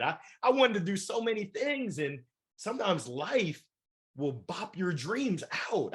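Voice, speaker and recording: Man in his forties, motivational speaker, animated and playful, wide swinging pitch, fairly high voice. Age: 40s. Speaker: keynote speaker and author. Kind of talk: energetic interview answers.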